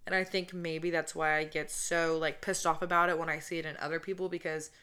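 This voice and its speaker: A woman in her twenties with a somewhat deep voice, hosting a casual podcast in a blunt, profane ranting manner. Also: little pitch movement, fairly quick, sharp tone. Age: 20s. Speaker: podcast host.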